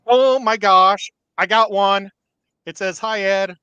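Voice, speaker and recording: A man's voice: high voice, slow pace, sharp tone, clear, resonant tone, no echo, highs cut off. A man in casual live stream chat, defending himself with a self-assured manner.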